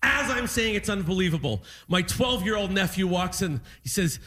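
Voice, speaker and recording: Animated high-voiced comedian. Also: male voice, moderate pace. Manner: animated, laughs through his stories. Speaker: stand-up comedian. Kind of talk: stand-up comedy storytelling.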